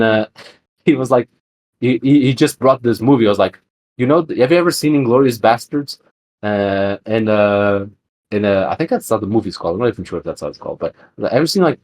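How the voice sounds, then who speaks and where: Low-ish guy cohosting a podcast, rambly, lots of "like" and "uh", chatty. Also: darkish tone. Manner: rambling, full of fillers and restarts. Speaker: podcast co-host. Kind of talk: casual chat.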